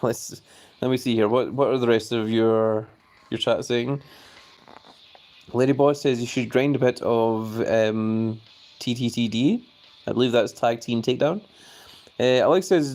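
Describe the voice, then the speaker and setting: A man's voice: medium pitch, a little mellow. A male live streamer reading viewer comments aloud and reacting with playful bafflement, jokingly formal and referring to himself in the third person. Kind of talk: casual live-stream chat.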